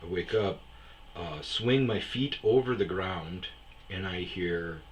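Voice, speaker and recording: A man's voice: deep voice, takes it slowly, slight background noise. A man hosting a casual storytelling show, swearing freely and acting out the dialogue. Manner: profane, animated, acts out dialogue. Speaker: storyteller host.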